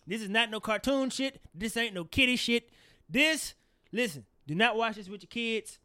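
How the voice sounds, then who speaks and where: A man's voice: extremely high pitch, normal speed, no room sound, clean studio sound. A man co-hosting a casual podcast chat, talking animatedly and swearing freely. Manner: animated, swearing, laughs often. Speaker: podcast co-host.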